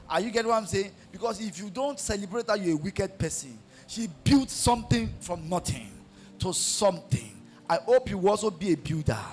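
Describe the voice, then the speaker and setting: A man's voice: high voice, a little hiss or hum. A man preaching a sermon in an emphatic, repetitive style and calling out questions to his congregation. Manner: emphatic, repetitive, call-and-response.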